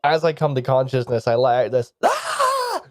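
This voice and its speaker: A man playing a character in a tabletop role-playing game, speaking in a deliberate, solemn way in character. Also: mid-range voice, fairly even intonation, darkish tone, no room sound. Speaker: player. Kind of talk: in-character role-play and casual table talk.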